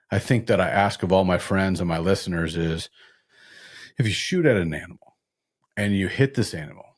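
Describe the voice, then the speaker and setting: A man's voice: deep voice, dry recording, studio quality. A man hosting a casual hunting podcast, telling folksy stories and mimicking other hunters for fun. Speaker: podcast host.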